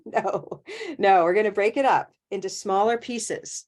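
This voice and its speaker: A woman teaching an online pronunciation class, encouraging and laughing often, slowing and stretching her words to show pauses. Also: medium pitch, fairly even intonation.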